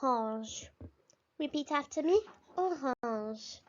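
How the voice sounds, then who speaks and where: A woman's voice: high voice, expressive, takes it slowly. A woman teaching a language lesson, pronouncing words carefully and encouraging the listener to repeat after her. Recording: slightly dull lo-fi recording.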